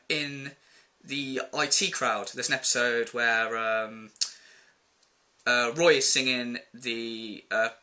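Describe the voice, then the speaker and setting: Vlogger, man, casual exasperated rant, bright and fairly high voice. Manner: exasperated, rambling, quotes people in put-on voices. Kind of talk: casual ranting vlog.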